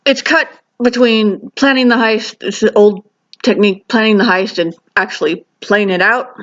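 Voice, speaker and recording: A woman's voice: mid-range voice, normal speed, lo-fi sound. A woman giving a casual spoken review of a TV episode, chatty and enthusiastic, with frequent restarts and asides.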